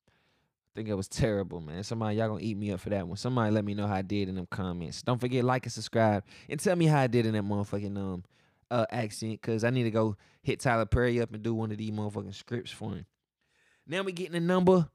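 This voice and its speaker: A man hosting a casual podcast. He rants about his city and pitches himself as a real estate agent, in a profane, slangy and emphatic way. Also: fast, darkish tone, dry recording, studio quality.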